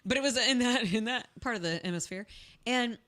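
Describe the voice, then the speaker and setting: A woman talking as a podcast guest in a casual chat, animated and chatty, often restarting her sentences. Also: on the high side, fairly quick, crowd noise.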